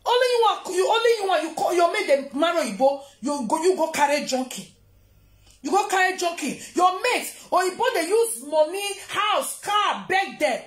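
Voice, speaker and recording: A woman's voice: very high-pitched, animated, normal speed. A Nigerian woman vlogger ranting to camera, scolding and taunting someone. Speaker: social media vlogger. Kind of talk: confrontational rant to camera. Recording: roomy echo.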